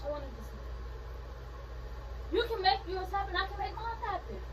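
High-pitched woman, insistent. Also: sing-song, brisk. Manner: insistent, repeating herself. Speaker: vlogger. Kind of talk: casual prank banter. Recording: distant mic in a noisy room.

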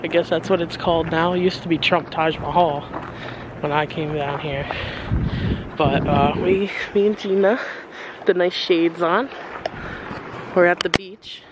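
A man's voice: on the high side, a little slow, long pauses, noisy background. A young man vlogging casually at the seaside, joking around and breaking into laughs. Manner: laid-back, jokey, breaks into laughs. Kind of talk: casual vlog chat. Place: seaside hotel and beach, outdoors.

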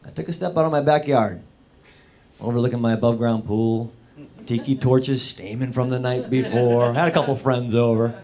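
A man's voice: mid-range voice, moderate pace. A man doing stand-up comedy in the back room of a bar, rambling about his small-town life and talking straight to the audience. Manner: rambling small-town persona, talks to the crowd. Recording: live crowd in a bar. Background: audience laughing.

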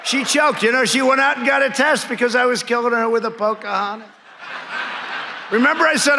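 With a very high-pitched voice and a brisk pace, a man in his 70s gives a boastful, mocking political rally speech from a podium microphone, repeating punchlines and tossing out nicknames. He's before a crowd in a large conference hall, and the recording picks up hall reverb along with crowd and room noise.

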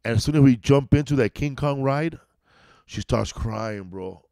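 A man rambles through loose, casual stories as a podcast co-host. His pitch sits in an average range for a man. He sounds close and dry, with little room around him. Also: normal speed, gravelly, dark tone, clean tone, dry recording. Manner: rambling storyteller, peppers talk with "bro" and "dog". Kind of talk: casual chat.

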